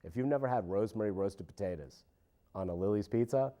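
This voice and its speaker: A man's voice: on the low side, fast. A man hosting a local commentary show, ranting sarcastically about politics. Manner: animated, sarcastic, mocking voices.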